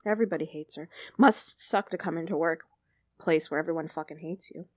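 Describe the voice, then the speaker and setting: A woman's voice: deep voice, brisk, dry recording. A young woman co-hosting a casual podcast, telling stories bluntly and swearing freely. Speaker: podcast co-host. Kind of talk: casual chat.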